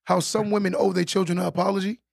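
A man's voice: sits high, level tone, fast talker, gravelly, no room sound, studio quality. A middle-aged man, a podcast guest and former athlete, making earnest points and often checking in with "right?". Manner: earnest, keeps asking "right?" as he makes a point. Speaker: guest, former pro basketball player. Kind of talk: casual podcast interview.

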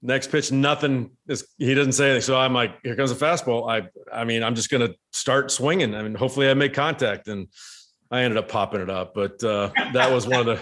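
A former baseball player telling a story in casual chat, rambling and animated with many restarts. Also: male voice, mid-range voice, a little fast.

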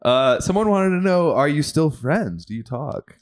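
A man's voice: on the high side, animated, normal speed. A man co-hosting a casual podcast, asking the guest questions and laughing often. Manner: laughs a lot, asks questions. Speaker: podcast co-host.

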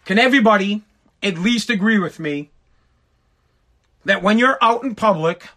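A man's voice: high-pitched, expressive, moderate pace, sharp tone. A man, a podcast host ranting with lots of swearing, exasperated and emphatic. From Woburn, Massachusetts, USA. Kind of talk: comedic profane rant.

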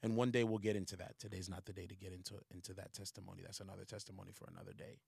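Low-voiced man preaching casually. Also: little pitch movement, racing, vocal fry, darkish tone, husky, dry recording, studio quality. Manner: conversational, slangy, emphatic preaching. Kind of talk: casual livestream sermon.

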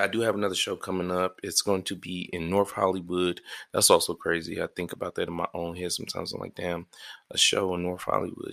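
Sleepy, gravelly, low-voiced man. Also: a bit bright. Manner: rambling, profane and self-deprecating. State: sleepy, yawning early in the morning. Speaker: podcast host and stand-up comedian. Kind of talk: casual solo podcast monologue. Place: his apartment.

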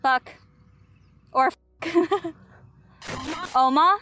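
A woman acting as a medium on an outdoor ghost hunt, relaying spirit box words in halting, drawn-out fragments. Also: extremely high pitch, sharp tone, no echo. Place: outdoors in a park at night.

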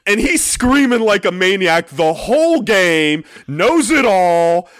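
A middle-aged man co-hosting a sports podcast, telling a youth soccer story in an excitable, profane way and acting out shouting parents. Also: high voice, slow pace, no room sound. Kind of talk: animated storytelling chat.

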